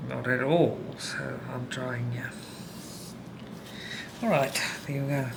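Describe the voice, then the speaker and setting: South african woman, candid chatty vlogger, slow pace, noisy home recording. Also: very deep voice, fairly even intonation, gravelly. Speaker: cross-stitch vlogger. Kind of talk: casual chat to viewers while stitching. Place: home room. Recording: home recording with background noise.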